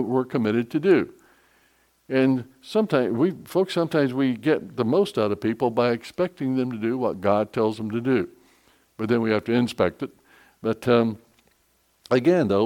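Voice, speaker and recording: A man preaching a conversational Bible sermon, reading scripture slowly and explaining it with frequent fillers. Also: medium pitch, darkish tone.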